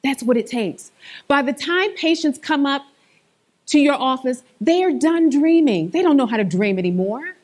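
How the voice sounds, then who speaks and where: Animated, high-voiced woman speaker. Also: moderate pace. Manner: animated, emphatic inflection. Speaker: conference speaker. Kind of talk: motivational presentation. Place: conference stage.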